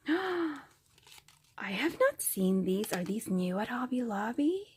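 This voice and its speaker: A woman's voice: fairly high pitch, big pitch swings, slow pace, darkish tone. A woman vlogger opening craft mail, gushing with delight and gasping often. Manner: gushing, gasps and exclaims often. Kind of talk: excited unboxing chat. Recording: faint crinkling paper noise.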